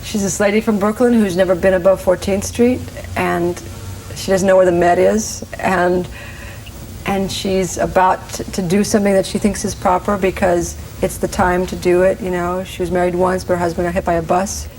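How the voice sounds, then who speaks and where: Earnest woman guest, halting restarts. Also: fairly low pitch, little pitch movement, darkish tone, slight background noise, poor audio. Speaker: guest actress. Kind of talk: casual TV interview.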